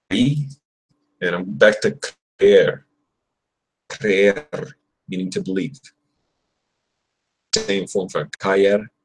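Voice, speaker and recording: Young guy livestreaming his spanish practice, slow husky voice, kinda low, repeats verbs over and over. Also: a little mellow, low-quality recording. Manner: drills verb forms aloud, chats with viewers between. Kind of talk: casual livestream study session.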